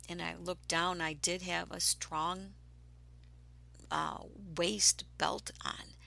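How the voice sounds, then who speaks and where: A woman recounts a personal spiritual experience at an unhurried pace. Her voice is bright and edgy but grainy with fry, and she often drifts into breathy whispers before turning emphatic. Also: lowish voice, rough recording. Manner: grows excited and emphatic. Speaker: spiritual storyteller.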